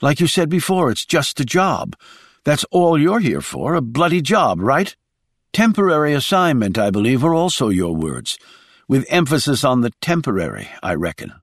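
A man's voice: medium pitch, very animated, normal speed, no echo, clean studio sound, pitched above the performer's own voice. A man voicing a defensive woman agent. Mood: bitter. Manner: heated, defensive retorts. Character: sharp-tongued British woman agent, defensive.

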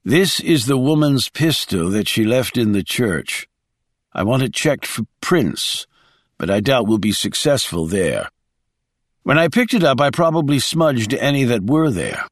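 A man's voice: medium pitch, lively intonation, unhurried, no room sound. A man voicing a determined, suspicious male boss in an audiobook, speaking in clipped, commanding lines, dry recording. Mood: firm. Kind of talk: audiobook character reading.

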